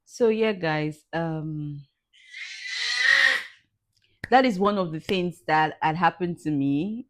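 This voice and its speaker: A woman telling a personal loss story in a vlog, halting and repeating herself, crying at times. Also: low voice, slight background noise. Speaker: vlogger.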